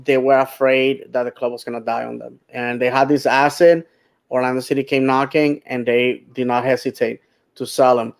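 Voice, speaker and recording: A man's voice: mid-range voice, little pitch movement, moderate pace, creaky. A middle-aged man co-hosting a sports talk show, rambling casually with many fillers and restarts. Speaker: podcast co-host.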